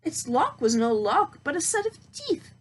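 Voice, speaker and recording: A woman reading a storybook aloud, expressive and slowing down for suspense. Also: sits high, poor audio.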